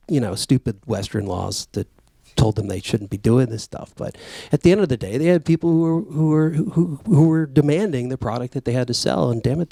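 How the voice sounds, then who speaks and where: A man's voice: medium pitch, gravelly, dry recording. A man, an author speaking conversationally to an audience, with many fillers and restarts. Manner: frequent fillers and restarts, animated when quoting. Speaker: author at a book talk.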